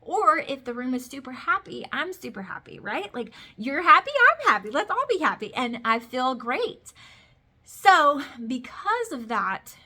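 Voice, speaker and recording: A woman's voice: on the high side, bright, forceful tone. A woman in her thirties chatting casually to camera about her life, emphatic and storytelling, with lots of "like". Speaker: vlogger, mother of boys. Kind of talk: casual talking-to-camera chat.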